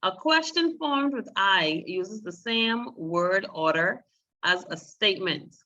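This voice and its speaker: A woman's voice: medium pitch, expressive, takes it slowly, bright, forceful tone, muffled recording, a little hiss or hum. A woman teaching a beginner Spanish class, explaining patiently step by step and calling on students.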